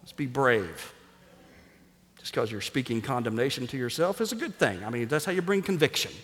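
A man preaching a sermon as pastor, energetic and jokey, sometimes rising almost to a shout for emphasis. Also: medium pitch, a little fast. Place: church sanctuary. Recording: reverberant hall.

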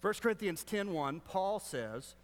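A man's voice: high voice, animated, unhurried. A man preaching a sermon as a Baptist pastor, teaching with joking asides to the congregation. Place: church sanctuary. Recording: long hall reverb.

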